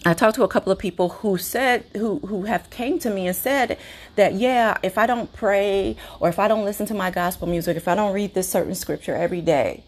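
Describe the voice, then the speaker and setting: A woman's voice: mid-range voice, a little fast. A woman hosting her own podcast, talking candidly and conversationally about her experiences, with frequent restarts and fillers. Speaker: podcast host. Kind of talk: casual personal monologue.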